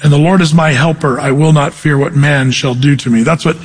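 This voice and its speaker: Pastor guy, pretty high voice, chatty bible teaching, lots of echo in the hall. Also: fairly even intonation, brisk, husky. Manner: conversational, asks the room questions, reads scripture aloud. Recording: long hall reverb.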